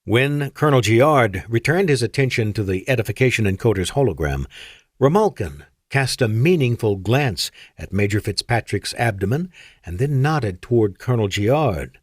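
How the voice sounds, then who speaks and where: A man narrating an audiobook in an expressive storytelling manner. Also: on the low side, normal speed, husky, no room sound, clean studio sound. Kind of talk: scripted narration.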